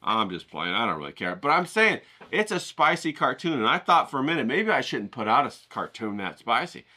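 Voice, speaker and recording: A man's voice: mid-range voice, big pitch swings, a little fast, pushed and bright. A man hosting an art vlog, chatting casually to his viewers in an upbeat, rambling, slangy way. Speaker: art vlogger.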